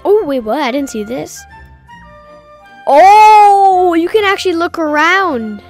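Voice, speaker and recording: A young woman commentating a horror game as she plays, excitable and easily scared, shrieking at frights and dropping to whispers. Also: high voice, normal speed, faint music behind. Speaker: gaming video creator. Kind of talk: let's play commentary.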